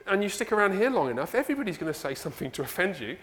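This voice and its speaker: A man with an English accent preaching a sermon as pastor, animated and conversational, full of rhetorical questions. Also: high voice, very fast, long reverb tail. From England. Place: church sanctuary.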